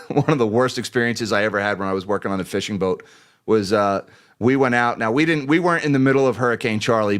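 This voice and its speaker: A man's voice: mid-range voice, a bit bright. A man hosting a finance livestream, chatting casually, joking and laughing often as he thanks viewers by name and reads market numbers.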